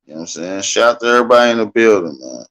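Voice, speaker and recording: A man's voice: on the low side, expressive, racing, a bit bright. A man hosting a casual livestream, talking loosely and repetitively as he calls out to his viewers and keeps adding "man.". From United States. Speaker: livestream host.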